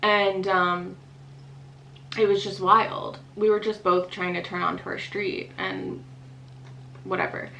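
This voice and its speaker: Woman vlogger rambling through a storytime, fast, lots of likes, faint hiss behind. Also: medium pitch, level tone, creaky, bright, forceful tone, poor audio. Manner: rapid, full of "like" fillers. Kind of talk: casual storytime chat.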